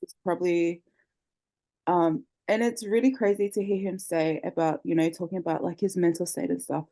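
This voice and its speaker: A woman's voice: lowish voice, fairly even intonation, normal speed, dark tone. A woman speaking earnestly on a casual group video call, with many fillers. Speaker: group member.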